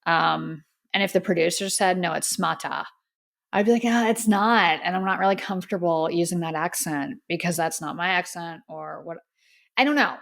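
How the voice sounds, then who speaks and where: A woman's voice: lowish voice, gravelly, a bit bright. A woman hosting a podcast, giving a casual, candid music review with plenty of fillers and opinions. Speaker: podcast host.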